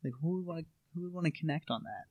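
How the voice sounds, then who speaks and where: Fast-talking man, opinionated casual chat. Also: on the high side, lively intonation, no room sound, narrow, tinny audio. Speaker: podcast host.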